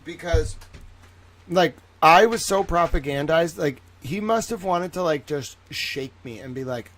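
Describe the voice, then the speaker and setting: A man's voice: on the high side, measured pace, a bit bright. A man giving rambling, reactive commentary on a livestream, swearing freely.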